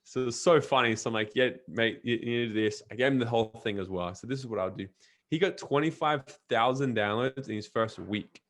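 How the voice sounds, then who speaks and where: A man's voice: medium pitch, a little fast. A man, a guest on an interview, talking energetically and emphatically with frequent restarts. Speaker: podcast coach and guest. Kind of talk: casual interview talk.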